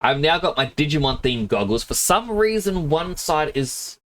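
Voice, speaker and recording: A man's voice: on the high side, very animated, normal speed, a bit bright, rough recording. A young man with a mixed Australian accent chatting casually on a game live stream, rambling and laughing often. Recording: game music playing underneath. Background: game music.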